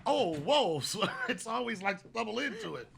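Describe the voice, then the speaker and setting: A man hosting a comedy podcast, telling stories in a casual, profane way and bursting into loud shouted bits. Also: high-pitched, lively intonation, brisk, vocal fry, noisy background.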